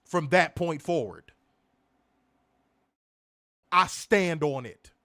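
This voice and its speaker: A man's voice: on the high side, expressive, drawn-out words, bright, forceful tone. A man co-hosting a wrestling review stream, ranting angrily and profanely with emphatic, insistent delivery. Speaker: wrestling show co-host. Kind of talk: heated profane rant on a stream.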